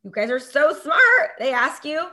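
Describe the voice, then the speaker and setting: Upbeat coach woman with a higher voice. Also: a little slow. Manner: energetic, peppers talk with rhetorical questions and "okay?". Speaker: real estate coach. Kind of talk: live online coaching session.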